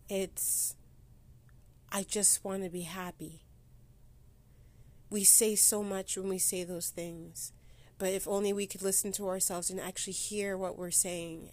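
A woman hosting a personal solo podcast, holding back tears and talking haltingly, with many restarts and pauses. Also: medium pitch, a little mellow. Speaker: podcast host. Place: sitting against a board indoors.

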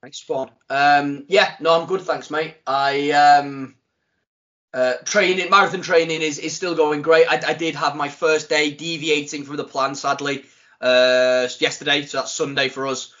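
A man co-hosting a podcast, chatty and excitable, laughing often. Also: on the high side, a little slow, lo-fi sound. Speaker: podcast co-host. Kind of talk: casual podcast chat.

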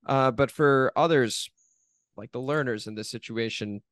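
A man co-hosting a sports podcast in casual talk, working through his points in a measured way. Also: medium pitch, a bit bright, clean tone, no echo, studio quality.

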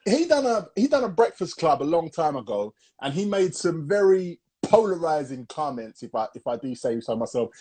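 A man's voice: on the high side, sing-song, normal speed, few pauses, warm tone, breathy edge. A young man, co-hosting a casual podcast chat, rambling with restarts and calling people "bro". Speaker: podcast co-host.

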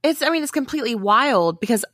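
A woman co-hosting a podcast in casual chat, animated and laughing, acting out quotes from the film. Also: fairly high pitch, fast talker, dry recording, studio quality. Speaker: podcast co-host.

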